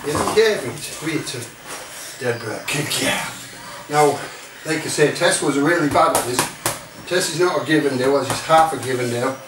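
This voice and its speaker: A man's voice: medium pitch, normal speed. A man with a Northern English accent, a dog trainer showing a retrieve lesson and breaking off to give commands to his dog. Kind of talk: outdoor training demonstration. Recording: distant mic, roomy and noisy.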